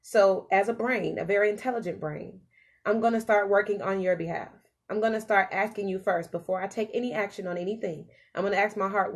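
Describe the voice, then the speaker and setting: A woman podcast host giving an animated, preachy motivational self-help talk with repetitive phrasing. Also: mid-range voice, a little fast.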